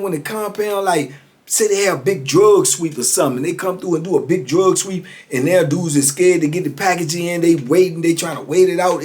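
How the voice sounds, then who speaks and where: A man in his fifties telling prison stories in a casual monologue, laughing often and dropping "man" into almost every line. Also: a little high. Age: 50s. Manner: animated, laughs often, says "man" constantly. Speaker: former prisoner storyteller.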